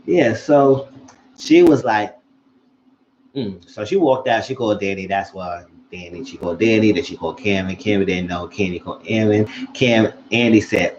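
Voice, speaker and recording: A man casually recapping a TV episode, animated and acting out what the characters said. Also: fairly low pitch, normal speed, muffled recording, slight background noise. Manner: animated, acts out characters' lines. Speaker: show recap vlogger.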